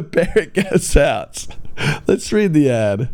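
A young man reads classified ads aloud and pokes fun at them in a sarcastic, incredulous way. His pitch swings widely as he jokes. The sound is dry, with almost no room echo. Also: animated, moderate pace, a little mellow. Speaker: online video host reading classified ads. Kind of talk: casual comedic commentary.

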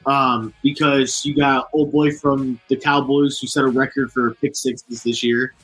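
Husky guy kinda high voice, hosting football awards talk, lots of ums, faint music. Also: little pitch movement, a little slow, a bit bright, low-quality recording. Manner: hesitant, lots of ums and restarts. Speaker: podcast co-host. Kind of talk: casual chat.

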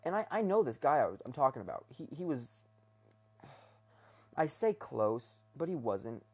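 A man's voice: medium pitch, big pitch swings, a little slow, husky. A young man rambling casually in his bedroom, talking hesitantly with many restarts and fillers. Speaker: vlogger.

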